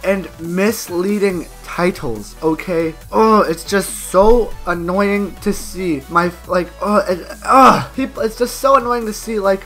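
Rambling male vlogger, high and hoarse, faint music underneath. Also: a little slow, few pauses, pushed and bright. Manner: rambling, restarts a lot, says "guys" and "okay". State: hoarse, voice messed up. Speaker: YouTuber. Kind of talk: casual vlog chat.

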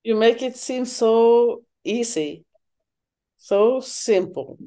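A woman guest speaking in a slow, thoughtful, halting way during a spiritual conversation. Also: on the high side, expressive, mellow. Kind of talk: reflective conversation.

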